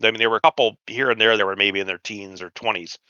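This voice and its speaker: A man's voice: lowish voice, quick pace, sharp tone, dry recording, muffled recording. A man in his forties telling a long, profane, rambling anecdote on a casual podcast, acting out the quotes of people he met. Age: 40s. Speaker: podcast host. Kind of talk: casual storytelling chat.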